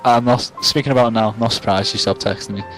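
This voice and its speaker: A man's voice: medium pitch, steady tone, fast, fairly bright tone, soft background music, low-quality recording. Tipsy, rambling young man. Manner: rambling, self-mocking, swears a lot. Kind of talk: casual storytelling to camera.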